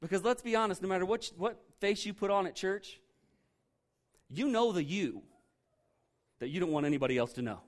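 A man preaching a sermon, animated and humorous, tossing rhetorical questions at the congregation. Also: sits high, brisk, pauses often. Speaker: pastor.

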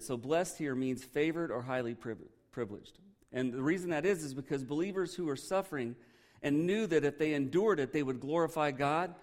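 A man's voice: fairly high pitch, a little mellow. A man preaching a sermon as pastor in a loose, conversational way, joking and asking the congregation questions.

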